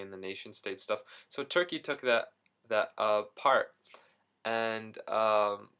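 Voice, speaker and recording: A man's voice: lowish voice, clean tone. A young man vlogging from abroad, telling rambling travel stories with many asides and self-corrections, acting out the reactions of the people he met. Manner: rambling, animated, acts out quoted reactions. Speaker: video diarist. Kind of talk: casual travel vlog storytelling. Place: Istanbul, Turkey.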